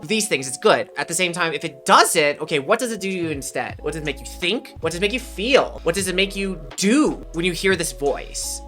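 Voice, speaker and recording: Slangy, laughing woman with a low, bright voice. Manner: relaxed, slangy and chatty, laughs often. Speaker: podcast host and mental performance coach. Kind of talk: casual podcast talk.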